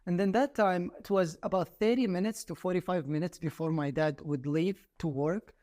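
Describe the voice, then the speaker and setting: Young guy from saudi arabia on a podcast, kinda high voice, laughs a lot telling his story. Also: normal speed. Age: 20s. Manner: animated storyteller, laughs often. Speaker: podcast guest. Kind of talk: casual storytelling chat.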